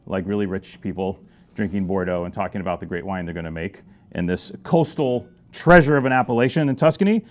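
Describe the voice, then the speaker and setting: A middle-aged man talks through a wine in a loose, chatty way. He jokes, exclaims loudly at times, and swings his pitch and volume for emphasis. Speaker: wine shop presenter. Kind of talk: casual wine review to camera.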